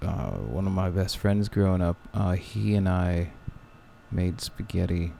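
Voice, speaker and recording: This podcast co-host talks in a loose, rambling way, full of fillers and restarts. He speaks a little slowly in a low, warm voice with vocal fry, over slight background noise.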